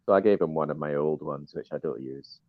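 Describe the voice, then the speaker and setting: A very deep-voiced man chats easily as a guest on a stream. His audio comes through muffled and dry, with a dull, lo-fi sound and no room behind it. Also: fairly quick, no echo. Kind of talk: casual call chat.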